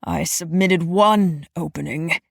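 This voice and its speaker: A woman's voice: medium pitch, expressive, dry recording, clean studio sound, lightly acted. A woman doing a growling old male supervisor. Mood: gruff. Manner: growling, muttering, slow and gravelly. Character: gruff aging male ward supervisor, stooped, impatient.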